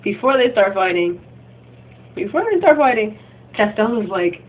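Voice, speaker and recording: A woman's voice: medium pitch, expressive, normal speed. A woman vlogger ranting casually about a game, rambling and breathless, full of "like" and "freaking". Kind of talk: casual rant retelling a game. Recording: tinny phone-like recording, faint hum.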